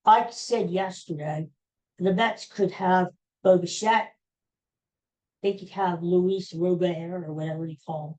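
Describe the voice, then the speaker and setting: A woman's voice: mid-range voice, warm tone, low-quality recording. A woman hosting a podcast, delivering an exasperated, sarcastic solo sports rant. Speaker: podcast host.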